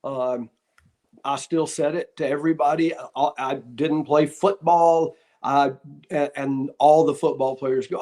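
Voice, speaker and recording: A former wrestler and referee from the Florida Panhandle, appearing as a guest, tells casual, animated stories about his start in wrestling, acting out what other people said. He speaks at a measured pace in a medium-pitched voice.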